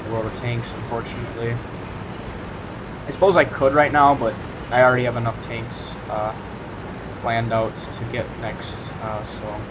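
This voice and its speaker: A man hosting a gaming video, commenting casually on his match in a relaxed, rambling way with many fillers. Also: mid-range voice, background noise. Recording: voice over loud game sounds. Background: game engines and artillery fire.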